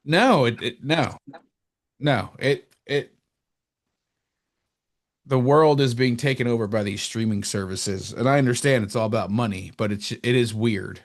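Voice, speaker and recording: A man from New Jersey co-hosting a podcast, chatting casually and animatedly about sports, rambling and jumping higher when he mocks someone. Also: unhurried, pauses often. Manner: animated, rambling, jumps up in pitch when mocking. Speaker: podcast co-host.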